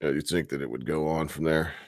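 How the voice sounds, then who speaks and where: A man's voice: extremely low pitch, fairly even intonation, fast, no echo, clean studio sound. A man chatting casually on a stream, telling crude jokes. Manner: crude joking storyteller. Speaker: co-host guest. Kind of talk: casual podcast chat.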